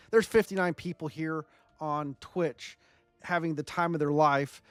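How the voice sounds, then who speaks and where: A man's voice: fairly high pitch, normal speed, fairly bright tone, dry recording, soft background music. A man streaming a strategy game live, chatting and joking with his viewers as he plays. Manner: chatty, joking, talks to chat.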